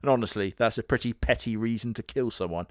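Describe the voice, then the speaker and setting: A man gives a dry, crude running commentary on a horror show for a comedy video. His voice sits at a middle pitch. The sound is close and dry, with no room echo. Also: fast. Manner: dry, crude, deadpan jokes.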